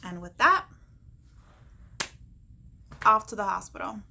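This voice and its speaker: A woman vlogger telling a personal story to camera, animated and encouraging, acting out what others said and laughing often. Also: mid-range voice, takes it slowly, gravelly. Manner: animated, acts out quoted dialogue, laughs often; encouraging, faith-filled pep talk.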